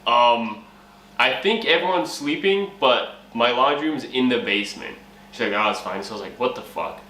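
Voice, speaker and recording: A man's voice: mid-range voice, animated, normal speed, sharp tone. A young man in casual comic storytelling, profane and laughing, acting out his own lines as he tells it. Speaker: channel host. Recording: echoey room with faint ambient noise.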